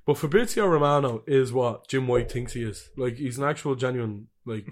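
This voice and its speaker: A man's voice: medium pitch, moderate pace. A young man from co-hosting a football podcast, rowdy, sweary and laughing a lot. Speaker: podcast co-host. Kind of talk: casual football podcast chat.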